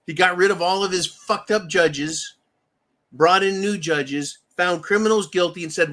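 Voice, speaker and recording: A man delivers a fierce political rant in a high, sharp, bright voice. He swears often and turns angry and mocking as he talks. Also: brisk. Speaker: political commentary host.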